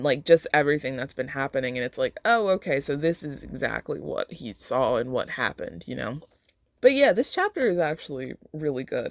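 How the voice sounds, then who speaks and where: Podcast host, reading aloud then chatting, casual, fillers, mid pitch, dry close mic. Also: no echo.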